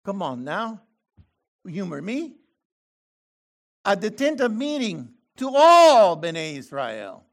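A man preaching a sermon, reading scripture slowly and then breaking into loud, animated exclamations. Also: sits high.

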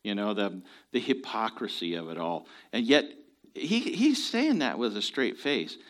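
A man's voice: lowish voice, big pitch swings, measured pace. A man hosting a show, giving opinionated commentary in an emphatic, preachy way. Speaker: show host.

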